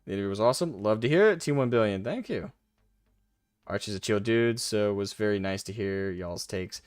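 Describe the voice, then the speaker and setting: A man's voice: fairly low pitch, expressive, fairly quick, no echo, studio quality, soft background music. A young man chatting casually on a live stream, reading and answering chat with frequent laughs and casual swearing. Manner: laughs often, self-deprecating, swears casually.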